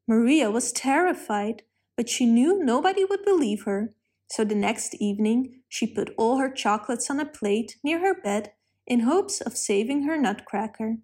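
A woman narrating a children's storybook in a calm, clear read-aloud manner. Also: fairly high pitch, moderate pace.

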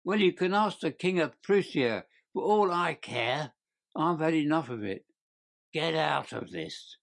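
A blustering, short-tempered market salesman who barks and shouts in a raised, rougher voice, as an audiobook reader puts him on. His tone turns harder and unlike the reader's usual timbre. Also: medium pitch, normal speed. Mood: angry. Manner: shouting, fierce. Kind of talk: audiobook character reading.

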